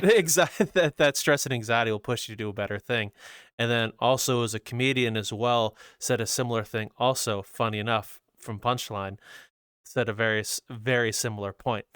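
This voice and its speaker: A man's voice: lowish voice, a bit bright, clean tone, dry recording, studio quality. A man hosting a podcast, chatting casually and rambling a little as he corrects himself. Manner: rambling, self-correcting, paraphrasing. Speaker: podcast host. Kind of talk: casual chat.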